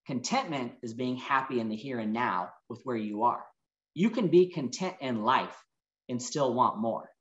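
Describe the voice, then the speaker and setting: A man's voice: mid-range voice, reverberant. A man, giving an earnest, emotional motivational talk and telling personal stories. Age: 40s. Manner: earnest and emotional, storytelling with reflective pauses. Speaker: motivational speaker.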